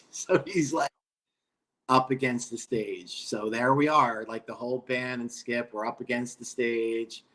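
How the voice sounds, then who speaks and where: A middle-aged man from New York, a guest guitarist telling a road story in a relaxed, rambling way with casual swearing. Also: mid-range voice, measured pace, low-quality recording.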